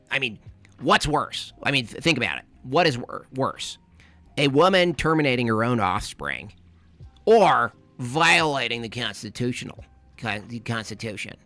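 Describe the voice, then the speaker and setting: A man's voice: mid-range voice, big pitch swings, measured pace, bright, forceful tone, no room sound, soft background music, full character voice. A man putting on the voice of a pompous, preachy conservative pundit, fussing and lecturing in a comedic impression. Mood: whiny. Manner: pompous, scolding, fussy. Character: smug, preachy male conservative pundit, middle-aged.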